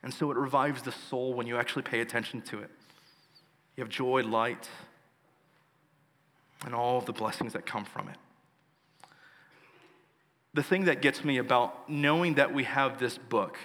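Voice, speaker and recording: Man, pastor, earnest sermon, emphatic lists, ringing bright tone, long church reverb. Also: mid-range voice, normal speed, long pauses.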